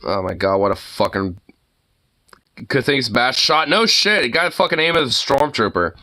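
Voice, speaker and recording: A man's voice: mid-range voice, expressive, normal speed, sharp tone. A man streaming, reacting to clips with profane, mocking commentary and frequent laughter. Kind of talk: casual commentary.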